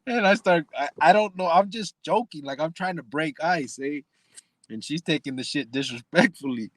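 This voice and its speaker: A man's voice: a little high, moderate pace, a bit bright, no room sound. A man hosting a podcast, telling a story from prison in a casual, profane, joking way and laughing often. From Arizona. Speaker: podcast host.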